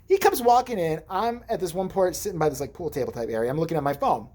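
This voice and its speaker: A woman's voice: on the low side, very animated, quick pace, dark tone, slightly rough. A woman vlogger telling a rambling, profane story in casual chat, acting out the people she quotes.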